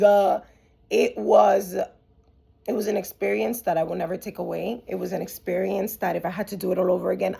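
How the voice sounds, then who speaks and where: A woman's voice: mid-range voice, gravelly, a little mellow, slightly rough. A woman hosting a podcast, telling her own story candidly in a chatty way, full of "like" fillers and restarts. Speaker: podcast host.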